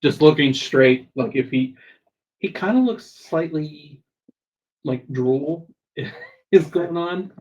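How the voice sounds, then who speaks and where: A man narrating a tabletop game as game master, halting with many ums and stray laughs. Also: on the high side, expressive, darkish tone, far from the mic, muffled recording.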